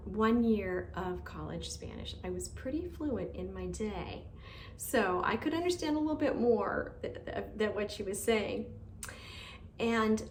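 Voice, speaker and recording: A woman's voice: mid-range voice, reverberant, a little hiss or hum. A woman chatting casually as she walks outdoors with a stroller, telling a gardening story with plenty of fillers. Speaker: gardening vlogger. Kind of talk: casual chat.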